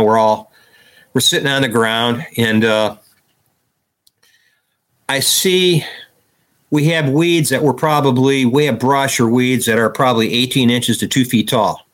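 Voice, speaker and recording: Male podcast guest, mid-range voice, animated storyteller who acts out quoted dialogue. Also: medium pitch. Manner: detailed, recounting step by step with restarts. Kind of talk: conversational storytelling.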